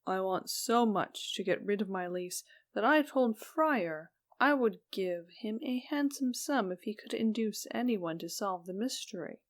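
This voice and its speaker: A woman reads a Victorian ghost story aloud for an audiobook. Her voice sits at an ordinary middle pitch, and her delivery is slow and even, with the speech tags dropping away softly. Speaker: audiobook narrator.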